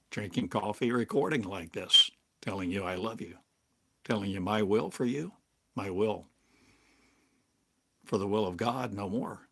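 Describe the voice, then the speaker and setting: An older man delivers a meditative spiritual talk in a low, husky voice. He lingers on each short phrase and leaves long pauses between them. The pace stays unhurried throughout. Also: a bit bright. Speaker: spiritual teacher. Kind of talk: slow meditative spiritual monologue. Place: home in a small town, drinking coffee.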